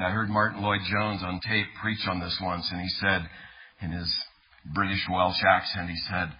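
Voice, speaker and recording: A man's voice: fairly low pitch, steady tone, moderate pace, breathy edge, muffled recording. A man pastor preaching a sermon, building to emphatic peaks and often repeating words.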